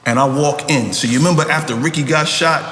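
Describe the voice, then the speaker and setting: A man telling a story in a casual podcast chat, animated and profane, acting out what people said. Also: a little high, quick pace. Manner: animated, profane, acts out quotes. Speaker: podcast guest. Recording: roomy echo with background noise.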